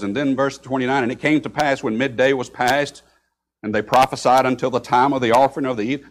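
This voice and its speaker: A man preaching a sermon, breaking into sudden loud outbursts when he quotes scripture. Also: mid-range voice, fairly quick. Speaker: pastor.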